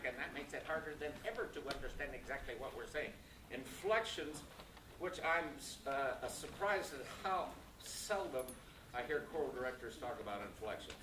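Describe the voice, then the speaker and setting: A male choir director with a mid-range voice runs a rehearsal, explaining diction and stresses, counting in, and singing phrases animatedly to demonstrate. A distant camera picks him up in an echoey room, his voice far off amid background noise, piano and choir singing.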